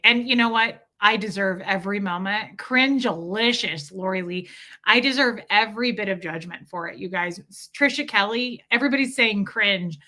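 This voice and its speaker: Bright, animated woman host chatting. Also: medium pitch. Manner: animated storytelling, laughing, reading out chat. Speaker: livestream host. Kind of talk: casual chat with a live audience.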